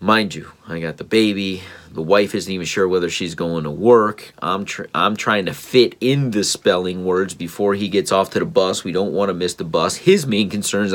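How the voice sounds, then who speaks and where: A man in his thirties speaks in a deep, low voice as he recounts his morning. He is tired and talks in a casual, earnest and reflective way. He often stops to restart his sentences and fills the gaps with ums. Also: moderate pace, hardly any pauses. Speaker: father vlogger. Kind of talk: casual personal storytelling.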